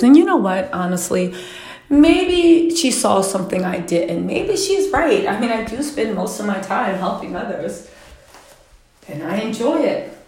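A woman's voice: mid-range voice, big pitch swings, measured pace, a little mellow, echoey room. A woman vlogger telling a personal story in a reflective, questioning way, swearing casually now and then.

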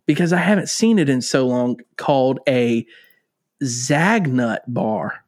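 Speaking slowly in a mid-range voice, a man co-hosts a podcast with casual chat. He's animated, recounts fond stories, and laughs often.

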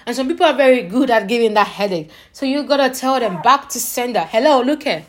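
A young adult woman ranting casually in a vlog, animated and repetitive, laughing between phrases and tired. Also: a little high, quick pace. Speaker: vlogger.

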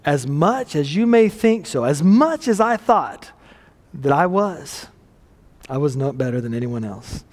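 Pastor, male, high tenor, casual sermon delivery with questions to the crowd, long hall reverb. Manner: conversational, self-deprecating, asks the audience questions.

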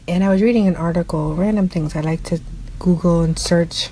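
A woman teaching pronunciation, demonstrating words slowly and deliberately in a casual spoken lesson. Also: on the low side, dark tone, slight background noise, poor audio. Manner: slow, deliberate word demonstrations.

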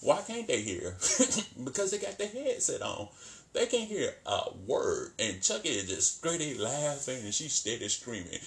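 A man giving a casual, animated spoken recap of a horror series. He talks colloquially and laughs often. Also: mid-range voice, normal speed. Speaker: show recap vlogger. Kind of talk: casual commentary.

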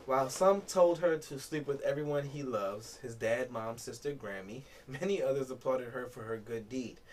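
A man's voice: medium pitch, normal speed, a little hiss or hum. A young man co-hosting a podcast in casual chat, jokey and profane, laughing often as he reads a news story aloud. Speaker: podcast co-host.

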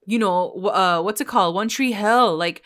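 A woman's voice: mid-range voice, normal speed, fairly bright tone. A young woman co-hosting a casual TV recap podcast, chatty and full of "like", venting frustration. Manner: chatty, heavy use of "like", frustrated rants. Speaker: podcast co-host.

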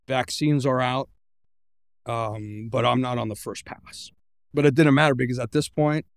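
A man of middle pitch with a gravelly edge tells his own story as a podcast guest. He speaks earnestly and vividly, acting out what he thought at the time. The sound is dry and close. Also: darkish tone, no echo. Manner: earnest, vivid retelling with quoted inner thoughts. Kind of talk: personal storytelling in an interview.

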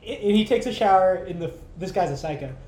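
A man hosting a podcast in casual chat, an animated storyteller who laughs often and swears casually. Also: fast talker. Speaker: podcast host. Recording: echoey room with faint rumble.

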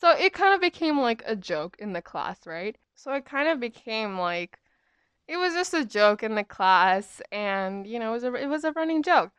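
A young woman in her twenties rambles through a casual storytime, full of fillers and asides. Her voice is clean and smooth. It sits close and dry, with no room around it. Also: on the high side, sing-song, normal speed, a bit bright, no echo. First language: English. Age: 20s. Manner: chatty, rambling, many "um" and "like" fillers.

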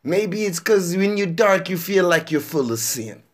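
A man's voice: sits high, animated, unhurried, slight background noise. A man in his twenties hosting a podcast, reacting to interview clips in a profane, exasperated casual rant and repeating himself for emphasis. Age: 20s.

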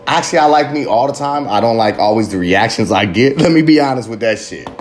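A man of middle pitch delivers a swearing, passionate pep talk on recovery, full of tangents and blunt confessions. A faint hiss of background noise sits behind his voice. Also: animated, fast talker. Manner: fiery, swearing, rambling with tangents. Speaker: recovery motivational speaker. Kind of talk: profane motivational monologue.

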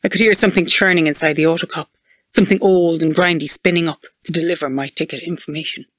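A reader narrating a sci-fi story aloud in an even, measured way. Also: mid-range voice, no room sound. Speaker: manuscript reader.

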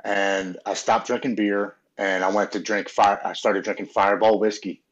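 A man from Maryland, a podcast guest, telling his own recovery story in an earnest, halting, emotional way. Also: lowish voice, flat delivery. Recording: dull, muffled audio.

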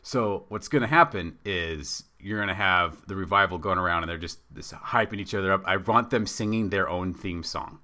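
A man co-hosting a casual wrestling chat, rambling and animated as he pitches ideas. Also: normal speed, few pauses. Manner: rambling, animated, acts out bits in silly voices. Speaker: podcast co-host.

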